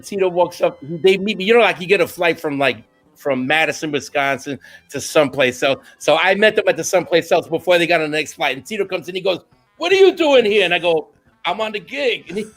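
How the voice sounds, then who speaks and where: A man telling stories in a casual interview, animated and laughing, dropping in Spanish phrases. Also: sits high, fast, faint music behind. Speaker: guest musician.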